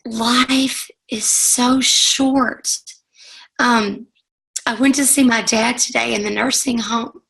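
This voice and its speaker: Woman, forties, motivational speaker telling her own story, earnest, slightly high with a gravelly edge. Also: steady tone, slow, fairly bright tone, rough recording. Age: 40s. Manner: earnest and heartfelt, addressing listeners directly. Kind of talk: personal story talk to an audience.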